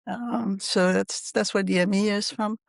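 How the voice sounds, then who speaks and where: A woman's voice: medium pitch, steady tone, a little slow, vocal fry, dry recording. French-accented woman, dry and close. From Belgium. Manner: hesitant, laughs often, restarts phrases. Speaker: author guest. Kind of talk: casual interview chat.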